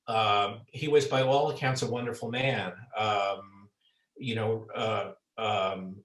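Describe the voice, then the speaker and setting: Chatty author, roomy far-off sound. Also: male voice, on the low side, steady tone, slow, fairly bright tone. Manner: chatty, many fillers and restarts. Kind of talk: conversational book talk.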